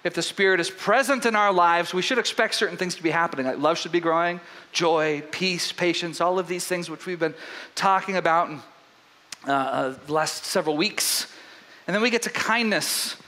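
A man preaching a sermon as pastor, telling a story in an animated way with frequent restarts. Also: high voice, moderate pace.

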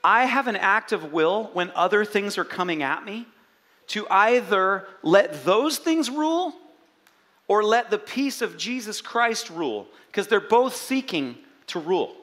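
A man preaching a sermon in an animated way, swinging between loud and soft. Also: sits high, unhurried. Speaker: pastor. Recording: long hall reverb.

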